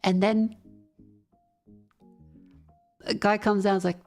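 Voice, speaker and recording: A woman's voice: mid-range voice, flat delivery, slow, a little mellow, soft background music. A young Australian woman chatting casually on a stream, telling a rambling, sweary road-trip story and reading out chat.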